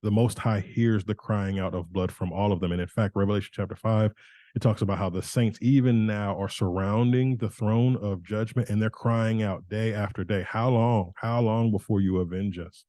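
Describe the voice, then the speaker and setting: A man's voice: lowish voice, fairly even intonation, normal speed, warm tone, no echo. A man giving an informal Bible teaching in a conversational way, often restarting and correcting himself.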